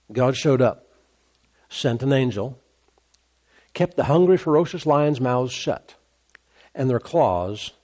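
A man's voice: medium pitch, a little mellow. A man preaching a sermon. He reads a scripture story aloud and breaks off into casual asides about it. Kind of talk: sermon, reading scripture and commenting.

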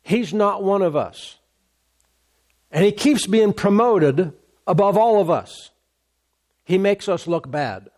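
Man preaching, slightly higher voice. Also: expressive, slow pace, long pauses, a little mellow. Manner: reads scripture aloud, then breaks into casual asides and acts out the characters. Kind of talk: sermon, reading scripture and commenting.

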